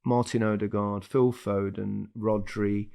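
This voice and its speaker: Older bloke, gravelly, tells a good yarn and laughs a lot on a football podcast. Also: male voice, lowish voice, measured pace. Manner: lively storytelling, laughs often. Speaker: podcast co-host. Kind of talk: casual chat.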